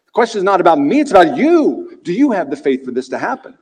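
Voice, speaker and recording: A male preacher giving an expository sermon in a conversational, animated way, asking the listeners rhetorical questions. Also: high-pitched, fast talker, breathy edge. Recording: reverberant hall.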